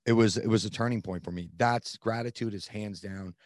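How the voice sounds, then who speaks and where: Earnest man with a low voice. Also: brisk, no echo, clean studio sound. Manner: earnest, animated, frequent "like" fillers. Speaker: podcast guest. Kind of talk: candid storytelling.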